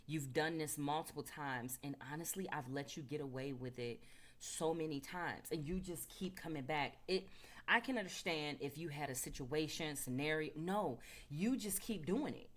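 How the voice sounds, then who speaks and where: A woman's voice: low-pitched, normal speed. A woman voicing a stern, blunt male store security man who talks in a firm, accusing and repetitive way.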